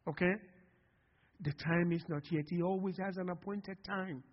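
Impassioned pastor preaching in a reverberant church. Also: male voice, high voice, steady tone, a little slow. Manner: impassioned preaching, calls of "Amen?" to the congregation. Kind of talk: sermon. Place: church sanctuary. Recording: long hall reverb, dull lo-fi sound.

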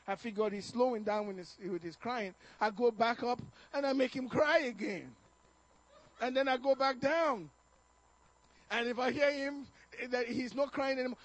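A middle-aged man preaching a sermon, telling family stories in an animated way, chuckling and stammering now and then. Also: very high voice, low-quality recording. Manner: animated storytelling, chuckling, acting out quotes with stammers. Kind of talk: sermon on parenting told as a personal story.

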